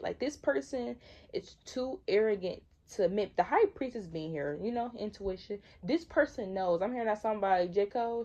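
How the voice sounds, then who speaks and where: A woman's voice: mid-range voice, warm tone. Young woman chatting thru a tarot reading, slangy and repetitive, kinda muffled lo-fi sound. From Michigan, US. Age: 20s. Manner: conversational, repetitive, slangy, emphatic. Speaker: tarot reader.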